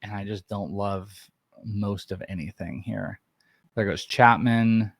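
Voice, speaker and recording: A man hosting a casual podcast chat, thinking aloud with animated energy. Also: on the low side, takes it slowly, vocal fry, no echo. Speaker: host.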